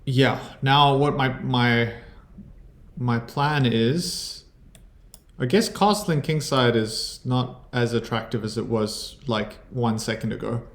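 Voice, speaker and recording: A man's voice: mid-range voice, takes it slowly, roomy sound. South African man talking through chess. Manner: chatty, thinks aloud about moves. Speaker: chess streamer. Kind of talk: casual commentary over his own chess game.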